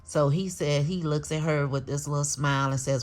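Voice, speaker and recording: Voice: mid-range voice, fairly even intonation, normal speed, hardly any pauses. A speaker casually recapping a TV episode, retelling scenes by quoting the characters, chuckling often and adding blunt opinions. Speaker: TV show recapper.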